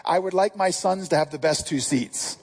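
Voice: medium pitch, normal speed, husky. A preacher voicing a pushy mother who asks favors for her two sons, in a casual sermon retelling. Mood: wheedling.

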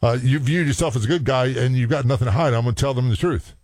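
A man at an ordinary pitch asks his questions haltingly, repeating words as he works toward what he means. He sounds close and dry, with no room around him. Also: darkish tone, dry recording. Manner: halting, restarts questions often. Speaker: podcast host, former police officer. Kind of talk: interview hosting.

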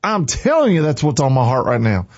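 A man's voice: medium pitch, huge pitch swings, brisk, darkish tone, dull audio. A man hosting a Christian radio morning show, out of breath and fervently preaching and exhorting his listeners.

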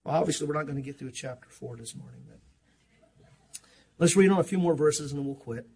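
A man's voice: a little high, lively intonation, quick pace, gravelly, long pauses, a little mellow, slightly rough. Impassioned older man preaching a sermon. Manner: impassioned, rising and dropping sharply in volume, acts out stories. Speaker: pastor.

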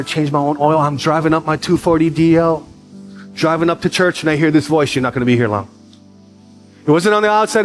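Animated pastor, a man preaching. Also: a little high. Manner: animated storytelling with quick bursts and emphatic repetition. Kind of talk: sermon.

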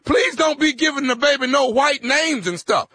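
A man hosting a radio prank call, talking in a deadpan, provoking way while feigning concern. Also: extremely high pitch, moderate pace, no echo.

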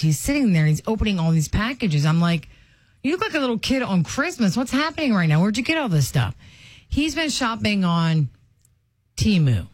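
A woman's voice: medium pitch, dry recording. Chatty woman radio host, dry studio sound. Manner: animated storytelling, acts out quotes. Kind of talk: casual radio chat.

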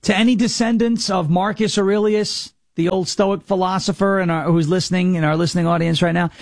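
Sarcastic high-voiced male talk host. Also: fairly even intonation, brisk, gravelly, no room sound, clean studio sound. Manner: sarcastic, mocking, plays clips. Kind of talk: mocking political commentary.

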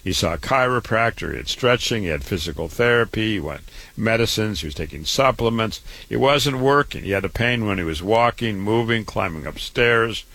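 A man's voice: fairly low pitch, lively intonation, normal speed, a bit bright, no echo. A man, a doctor, giving a promotional health talk about his clinic, repeating himself and listing items one after another. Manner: repetitive, listing.

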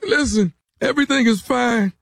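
A man in a radio studio making a prank call, loud, pushy and mock-angry. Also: very high voice, moderate pace, vocal fry, dry recording.

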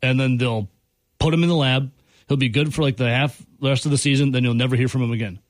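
A man's voice: medium pitch, fairly even intonation, fast talker, no echo. Blunt, joking man on sports radio. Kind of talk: sports talk radio banter. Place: radio studio. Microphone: studio mic.

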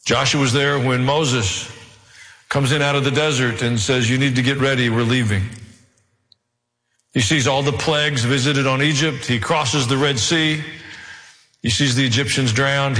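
A man's voice: mid-range voice, a bit bright. A man preaching a sermon to a congregation, building intensity as he presses his points, with dry self-deprecating asides. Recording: long reverb of a large hall.

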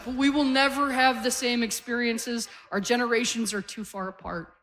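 A woman's voice: fairly high pitch, steady tone, moderate pace, a bit bright, in a large hall. Woman in her forties from Canada, stand-up comic, dry, chatty delivery. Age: 40s. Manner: wry, conversational storytelling to a live crowd. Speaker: stand-up comedian. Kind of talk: stand-up comedy set. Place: comedy stage before a live audience. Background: audience laughter.

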